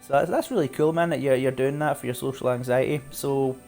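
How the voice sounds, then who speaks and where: A man from Glasgow with a Scottish accent, chatting casually and warmly with viewers while he plays a game live. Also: medium pitch, fairly even intonation, fairly quick, soft background music. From Scotland, Glasgow. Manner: chatty, friendly, asks viewers questions, laughs often. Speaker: streamer.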